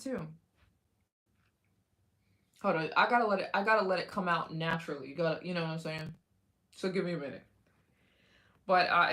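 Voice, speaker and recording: A woman's voice: lowish voice, fairly bright tone. A young adult woman hosting a casual livestream, chatting with viewers in a rambling way with many fillers and restarts. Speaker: livestream host.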